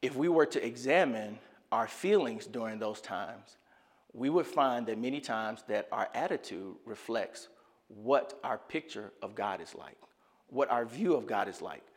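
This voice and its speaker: A man preaching in an easy, conversational voice, telling a personal story and drawing out a lesson. He repeats words as he builds momentum, at a middle pitch. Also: long reverb tail. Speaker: pastor. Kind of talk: sermon.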